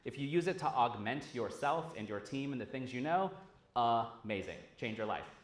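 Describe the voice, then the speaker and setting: Animated, swearing conference speaker in a roomy hall. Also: male voice, mid-range voice, normal speed. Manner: casual, animated, swears freely. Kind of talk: conference talk. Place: large lecture hall.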